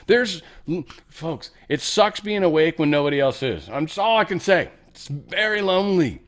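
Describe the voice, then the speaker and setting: A man's voice: on the high side, animated, a little fast, fairly bright tone. A man hosting an online commentary show, rambling and joking as he reacts to news clips, trailing off and laughing at himself. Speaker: show host.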